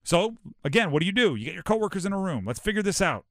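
Animated man riffing on sports. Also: high voice, quick pace, no echo, clean studio sound. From Hawaii. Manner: animated, rhetorical, acts out quotes. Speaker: sports talk host. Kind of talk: casual sports talk.

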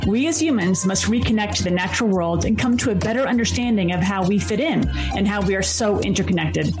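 A woman's voice: medium pitch, quick pace, over music. A woman co-hosting a podcast, speaking in an earnest, friendly way. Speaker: podcast co-host. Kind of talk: podcast intro and casual chat.

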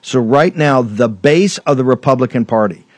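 A man's voice: medium pitch, expressive, normal speed, darkish tone, dry recording. Guy hosting a political show, heated and rambly, dry close mic. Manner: emphatic, combative, rambling with restarts. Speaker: show host. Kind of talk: political talk show rant.

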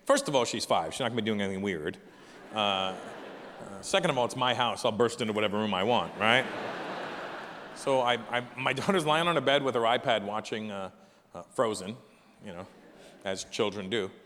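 A middle-aged man doing stand-up comedy on a live stage, talking with the audience in an animated, profane, chatty way. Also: fairly low pitch, a little fast, slight background noise. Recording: live hall with long reverb, faint ambience.

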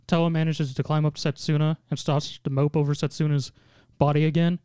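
A man casually recapping a show, telling it with lively mock quotes and lots of laughing. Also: on the high side, fairly quick, smooth, dry recording, studio quality. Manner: animated storytelling, mock quotes in put-on voices, frequent laughter. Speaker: podcast host recapping an anime episode.

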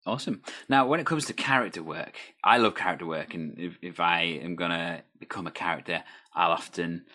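A man's voice: sits low, a little fast, pushed and bright. A man hosting an interview, asking chatty, fluent questions about improv and character work. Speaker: interviewer, host. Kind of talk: casual interview.

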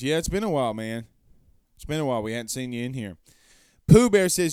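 A man's voice: fairly high pitch, a little fast, clean tone, no echo, studio quality. A man hosting a sports talk show, reading viewer comments aloud and rambling conversationally with rhetorical questions.

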